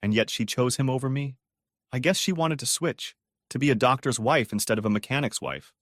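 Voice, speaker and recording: A man's voice: medium pitch, a little fast, fairly bright tone, dry recording, clean studio sound, close to an everyday voice. A man playing a bitter heartbroken mechanic. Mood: angry. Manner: bitter, ranting, clipped. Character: bitter, heartbroken male mechanic, cold then angry.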